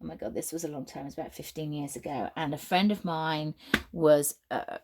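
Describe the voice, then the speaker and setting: A British woman with a low, deep voice gives a tarot reading, drifting off on tangents and restarting her sentences. A faint hiss sits under her voice. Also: fairly quick, darkish tone. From United Kingdom. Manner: rambling and free-flowing, goes off on tangents with many restarts. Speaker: tarot reader and medium.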